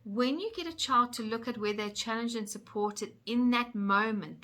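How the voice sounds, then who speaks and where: A woman's voice: mid-range voice, pushed and bright. A woman parenting coach giving tips straight to camera in an upbeat, enthusiastic way. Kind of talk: direct-to-camera tips video.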